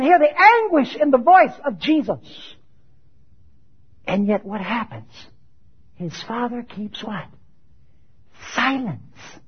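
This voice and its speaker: A male preacher with a very high, husky voice delivers a slow, deliberate sermon. He swings between loud, intense scripture reading and hushed questions to his congregation. The recording sounds dull and lo-fi. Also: very animated. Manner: dramatic, rising loud on quoted scripture and dropping low for questions; asks the audience questions and answers them.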